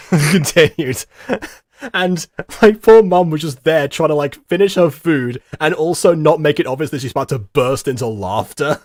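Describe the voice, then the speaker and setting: A young man giving rambling, halting reaction commentary with lots of fillers and giggles. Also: a little high, a little mellow, no echo, studio quality. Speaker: streamer reacting to a video.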